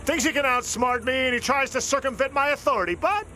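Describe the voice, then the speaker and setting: A man's voice: very high-pitched, fast, bright, forceful tone, soft background music. An actor playing a smug, scheming man in a dubbed TV drama, mocking and falsely polite. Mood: gloating.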